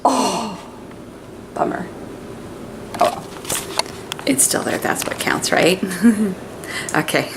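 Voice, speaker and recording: A young woman vlogger chats cheerfully around her home kitchen and living room, talking to her pets in baby talk. Her mid-range voice is animated but very slow, with vocal fry and frequent pauses. The audio is very noisy.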